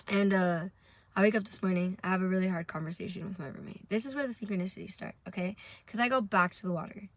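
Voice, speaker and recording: A woman's voice: mid-range voice, quick pace, no echo. A young woman, tired from little sleep, telling a rambling, profane story to camera in a casual vlog. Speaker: vlogger.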